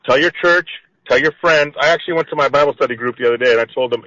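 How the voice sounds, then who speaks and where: A man on a radio show talking with urgency and enthusiasm, quick and insistent. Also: medium pitch, sharp tone, no echo, lo-fi sound. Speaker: radio guest. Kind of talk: call-in radio talk.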